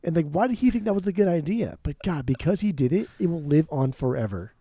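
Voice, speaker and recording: Profane, animated man with a dark voice. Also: on the high side, quick pace, breathy edge, dry recording, clean studio sound. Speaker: podcast co-host. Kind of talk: casual music chat.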